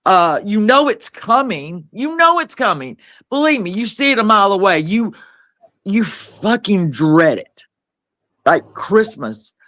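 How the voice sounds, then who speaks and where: A man's voice: high-pitched, pushed and bright. A man hosting a live stream discussion, impassioned, grieving and swearing freely.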